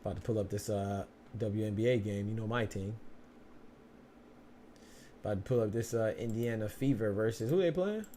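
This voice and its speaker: A man's voice: on the low side, normal speed, pauses often, mellow, slight background noise. A young man hosting a solo boxing podcast, talking casually in streetwise slang and often repeating himself.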